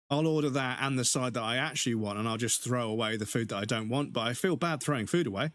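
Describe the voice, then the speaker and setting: English male streamer, casual sweary rants between gameplay, mid-pitched everyday voice. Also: quick pace, dry recording, studio quality. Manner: sweary, ranting, laughing asides. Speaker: game streamer. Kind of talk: casual live-stream chat.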